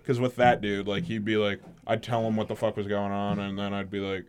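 A man's voice: on the low side, quick pace, few pauses, smooth. A man co-hosting a casual podcast, ranting with lots of swearing as he retells stories about customers. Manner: profane, ranting, animated retelling with mimicked customers. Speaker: podcast co-host. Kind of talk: casual chat.

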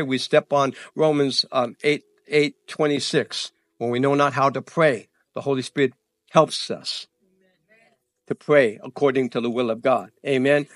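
A man pastor giving church announcements before his sermon, animated and excited, tripping over his words and laughing at himself. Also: mid-range voice, dry recording, clean studio sound. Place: church sanctuary.

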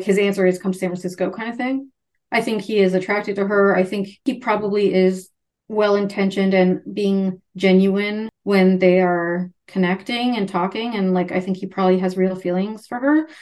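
A woman co-hosting a podcast, chatting casually about a book and acting out the characters' lines. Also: medium pitch. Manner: animated, acts out characters' lines in quick voices. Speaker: podcast co-host. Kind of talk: casual chat recapping a book.

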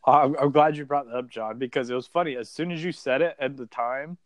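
In a casual interview, a former contestant tells a rambling story, peppering it with "like" and acting out what people said. His mid-range voice moves at a brisk clip, and the recording is dry.

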